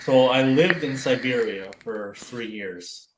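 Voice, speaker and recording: A man's voice: medium pitch, takes it slowly. A middle-aged man chatting sarcastically, swearing a lot, with a little background noise. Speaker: co-host. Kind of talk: casual chat.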